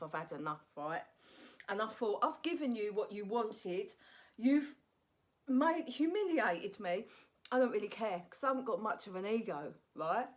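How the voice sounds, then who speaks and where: A woman, a stand-up comic and actress, telling a candid personal story to her phone camera in a blunt, animated way, often tagging "right?" onto her lines. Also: mid-range voice.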